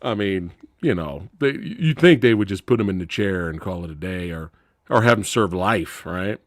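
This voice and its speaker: Animated low-voiced man hosting a horror movie chat. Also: moderate pace, dry recording, studio quality. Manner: animated storyteller, acts out voices, laughs loudly. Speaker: podcast host. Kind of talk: casual movie review chat.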